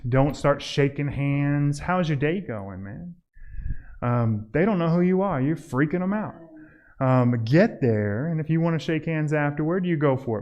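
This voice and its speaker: A man teaching a church group how to make home visits, talking casually and acting out doorstep scenes in a raised, lively voice. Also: on the high side, muffled recording. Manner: admits he mumbles when tired. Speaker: church outreach trainer. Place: church hall.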